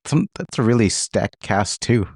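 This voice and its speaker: Male co-host, very low voice, relaxed and hesitant, dry close mic. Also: measured pace, breathy edge, no room sound. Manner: laid-back, laughs often, hesitant when recalling names. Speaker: podcast co-host. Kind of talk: casual chat.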